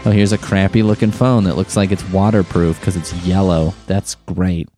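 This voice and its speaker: A man's voice: low voice, fairly even intonation, normal speed, warm tone, soft background music. A man reading news aloud and mocking it with sarcastic, profane riffs. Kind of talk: sarcastic comedic commentary.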